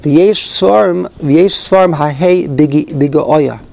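A man with a gravelly, slightly high voice leads a text study class. He reads Hebrew phrases aloud, then translates and explains them, openly thinking out loud as he goes. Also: slow, muffled recording. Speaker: Torah class teacher.

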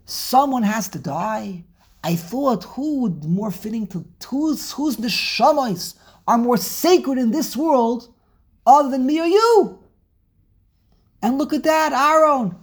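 Husky, emphatic woman teaching Torah. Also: on the high side. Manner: emphatic, dramatic, stumbling restarts, rhetorical questions. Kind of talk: animated Torah class.

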